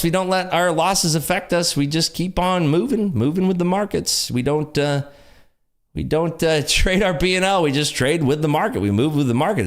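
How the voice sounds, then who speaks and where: A man hosting a live day trading stream, excitably calling market moves and chatting with viewers. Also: fairly high pitch. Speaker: day trading livestream host.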